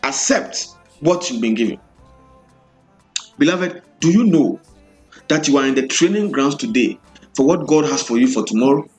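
High-voiced male preacher. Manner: rhythmic preaching with repeated refrains. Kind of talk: sermon.

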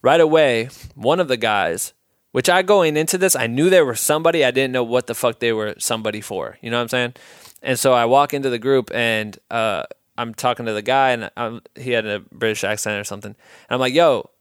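A young man from Iowa hosts his own podcast, spinning a loose, rambling story full of swearing. His voice is smooth and clean, recorded dry and close with no room around it. His pitch sits in an ordinary male middle range. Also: a little fast, no echo. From Iowa, USA. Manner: profane, rambling, loose and animated. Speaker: podcast host. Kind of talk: casual storytelling monologue.

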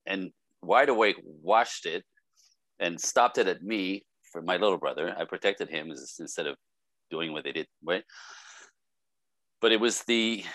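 A man's voice: deep voice, a bit bright, dry recording. A man with a French accent speaking as a podcast guest, earnest and emotional, in broken, restarting phrases. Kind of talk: casual interview talk.

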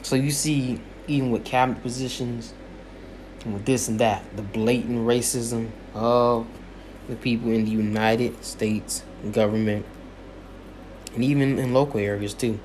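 A man's voice: mid-range voice, steady tone, measured pace, a little mellow, slight background noise. Emphatic man repeating his points. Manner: repetitive, emphatic, preacher-like cadence. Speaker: commentator. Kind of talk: impassioned spoken commentary.

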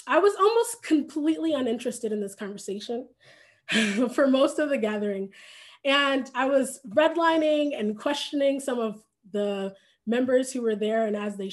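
Brief: woman pastor guiding a scripture reflection, high-pitched, calm and contemplative. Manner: slow, contemplative, with soft pauses.

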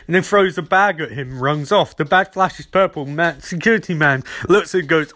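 A man's voice: fairly high pitch, normal speed, fairly bright tone. A man casually recapping a TV episode as a podcast host, rambling and acting out quoted lines.

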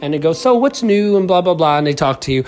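A man giving a motivational talk on communication, animated and casual, often checking in with the listener. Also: a little high, racing. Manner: animated, acts out quoted voices, says "right?" often. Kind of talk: motivational self-help talk.

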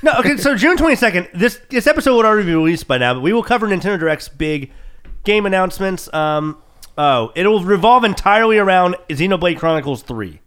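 A man's voice: sits high, sing-song, fast, fairly bright tone, clear, resonant tone. A man hosting a podcast in casual banter, teasing his co-hosts with lots of profanity. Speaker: podcast host.

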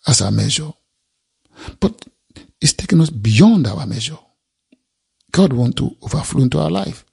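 A man's voice: on the high side, big pitch swings, unhurried, gravelly, a little mellow, husky. A man preaching a sermon, reading scripture aloud and expounding it, repeating phrases for emphasis.

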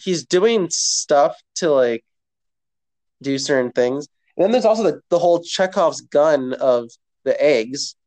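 A man's voice: fairly high pitch, expressive, unhurried, darkish tone. Casual rambling man. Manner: loose, profane, rambling with fillers. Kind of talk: casual chat.

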